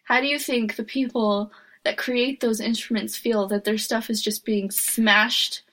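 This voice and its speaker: A woman co-hosting a casual podcast chat, earnest and soft-spoken. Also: on the high side, steady tone, measured pace. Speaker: podcast co-host.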